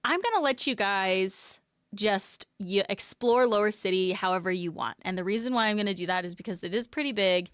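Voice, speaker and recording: A woman streamer with a brisk, mid-range voice that is a bit bright, clear and resonant guides viewers through game lore in a studio-quality recording with no echo. Her casual narration is chatty, and she pokes fun at herself, laughing at her own mispronunciations.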